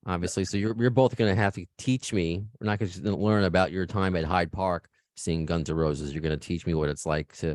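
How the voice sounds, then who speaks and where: A man's voice: low-pitched, steady tone, fairly quick, few pauses, a little mellow, no echo, clean studio sound. An American man hosting a podcast over a video call, chatting in a joking, self-mocking way. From United States. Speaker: podcast host. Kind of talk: casual chat.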